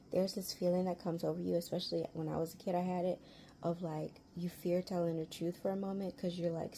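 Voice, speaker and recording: A woman sharing parenting advice in a casual storytelling vlog, chatty and quick to laugh, repeating her key points, recorded at home. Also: fairly low pitch, gravelly, dark tone. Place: at home near a humming fridge. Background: faint fridge hum.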